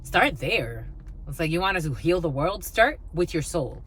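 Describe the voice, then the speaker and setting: A woman's voice: fairly low pitch, very animated, moderate pace, slightly rough. A woman giving a blunt, profane tarot reading to her viewers, scolding and swearing freely. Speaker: tarot reader. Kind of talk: spiritual reading monologue.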